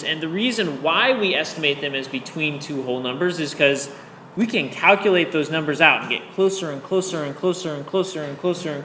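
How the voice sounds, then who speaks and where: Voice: medium pitch, bright, forceful tone. A math teacher giving a classroom lesson in an encouraging way, often checking in with students. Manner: encouraging, checks in with 'okay?' and 'all right'. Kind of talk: classroom lecture. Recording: echoey classroom, faint background noise.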